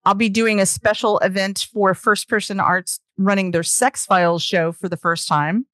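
A woman's voice: mid-range voice, fairly even intonation, normal speed, a bit bright, no room sound, clean studio sound. A woman with a Southern US accent, a storytelling guest talking enthusiastically in a casual podcast chat over a call. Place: home, remote call.

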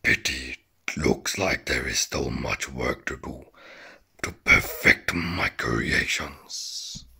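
Brief: man voicing a cold villain scientist, very deep, slow and raspy. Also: bright, forceful tone, heavily acted. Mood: menacing.

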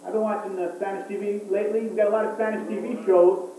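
High-voiced comedian in an echoey club. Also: male voice, level tone, mellow. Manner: hammy emcee delivery, drawn-out asides. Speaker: stand-up comedian. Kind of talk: stand-up comedy set. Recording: far-off, echoey club recording with hiss.

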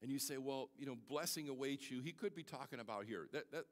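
A male pastor preaching a sermon in a church, swinging from shouted exclamations to soft, near-tearful asides. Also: mid-range voice, fast. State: holding back tears. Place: church sanctuary. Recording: long hall reverb.

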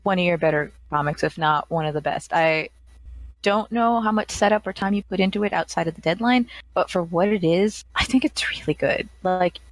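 A woman's voice: on the low side, a little fast. A woman co-hosting a casual podcast, giving enthusiastic, slangy praise to a comic. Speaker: co-host reviewing comics.

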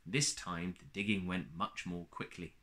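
A man reading a children's story aloud in a gentle, expressive way. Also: sits low, a little slow.

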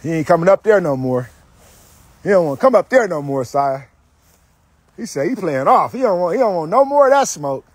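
A man coaching football drills outdoors, barking commands and teasing his players with loud, energetic trash talk. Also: high voice, brisk, long pauses, husky.

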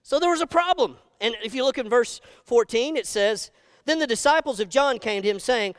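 A pastor preaching in a high, smooth, resonant voice. He is animated and emphatic and keeps asking his congregation questions. The sound is dry and close. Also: brisk, no room sound. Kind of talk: sermon. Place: church sanctuary.

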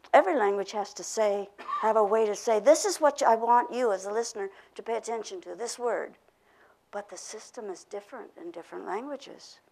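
Older female workshop presenter, gravelly voice, steady teaching delivery with choral drills. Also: medium pitch, poor audio. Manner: explains concepts with spoken drills and repetition. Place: workshop room.

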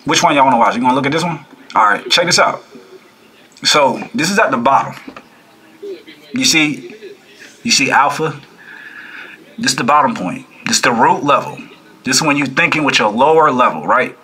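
A man hosting a reaction video, talking casually and preachily to his viewers, animated, repeating phrases and firing rhetorical questions. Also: mid-range voice, moderate pace, long pauses.

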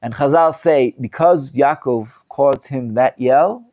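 Emphatic rabbi teaching, lo-fi. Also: male voice, medium pitch, slow. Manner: animated, emphatic, many restarts and repeated words. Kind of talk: live Torah class with student questions.

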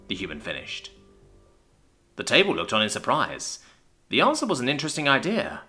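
A man narrating a science fiction story in an expressive, scripted storytelling manner. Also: medium pitch, fairly quick, pauses often, faint music behind.

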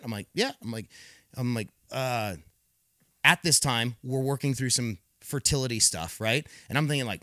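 A man in his thirties speaks as a podcast guest, recounting hard times with earnest, emphatic energy. He stumbles and repeats words as he restarts, and voices other people's lines in his own voice. His voice sits at an ordinary pitch and sounds close and dry. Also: animated, fairly quick, a bit bright, dry recording. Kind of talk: candid personal storytelling.

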